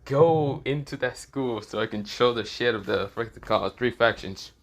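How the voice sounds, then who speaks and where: A man's voice: medium pitch, normal speed, lightly acted. A man voicing a smug, mischievous young male hero, giving gleeful, taunting commands in a fan story retelling.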